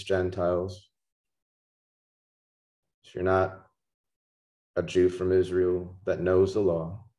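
A man preaching a podcast sermon, slow and emphatic, repeating key words for stress. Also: low-pitched, a little mellow. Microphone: podcast microphone.

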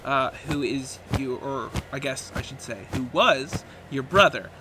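A man narrating a tabletop game as game master, halting, with many fillers. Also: medium pitch, music in the background.

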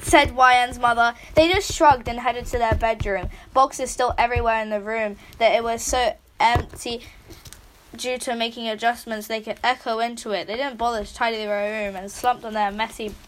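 A young woman with a British accent reads a fan story out loud in a casual, giggly way, dropping swear words and asides. Her voice sits slightly high, and a faint hiss runs under the home recording. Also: steady tone, moderate pace. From Britain. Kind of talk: casual reaction reading.

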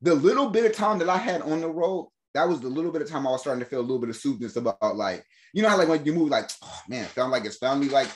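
A man telling a long story in casual podcast chat, animated and slangy, laughing often and acting out the voices of the people in it. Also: a little high, very fast, few pauses. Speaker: podcast host.

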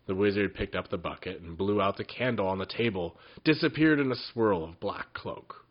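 Husky man reading a children's story. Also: deep voice, moderate pace, few pauses. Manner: gentle reading with small slips and restarts. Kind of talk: children's story read aloud. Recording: dull lo-fi recording.

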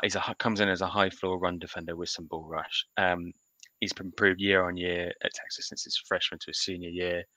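Low, bright-voiced man chatting. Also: no room sound, low-quality recording. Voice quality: animated, rambling with restarts. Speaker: podcast co-host. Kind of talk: casual sports chat.

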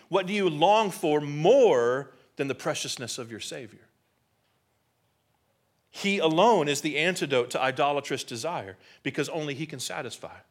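A man preaching a sermon with a voice pitched a little higher than most men's. He talks in a conversational, emphatic way and keeps putting rhetorical questions to the congregation. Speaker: pastor.

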